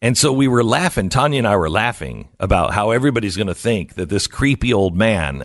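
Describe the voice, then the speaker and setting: A man's voice: on the low side, big pitch swings, a little fast, gravelly, few pauses, dry recording, clean studio sound. A middle-aged man hosting a talk radio show, telling stories in a wry, self-mocking way and laughing at his own jokes. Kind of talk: casual talk radio chat.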